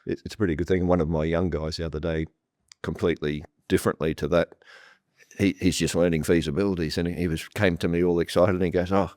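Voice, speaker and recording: A deep-voiced man speaks plainly, often restarting his sentences as he tells a story. The sound is close and dry, with no room around it. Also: fairly even intonation, fast, darkish tone, no room sound. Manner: repetitive restarts, blunt and plain-spoken. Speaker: property developer guest. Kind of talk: conversational storytelling on a panel. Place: room with a live audience.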